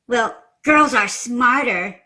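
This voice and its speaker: A woman voicing a smug little girl who taunts a boy slowly. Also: a little high, pushed and bright.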